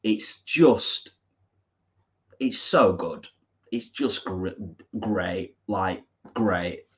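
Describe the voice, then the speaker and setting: A man's voice: deep voice, drawn-out words. A man co-hosting a live stream, chatting casually and reading out viewer comments. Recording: dull lo-fi stream audio.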